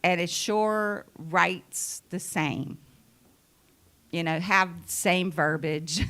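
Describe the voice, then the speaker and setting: A woman's voice: on the low side, drawn-out words, a bit bright. A woman giving a sermon in an earnest, conversational way, stressing key phrases by repeating them. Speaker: preacher.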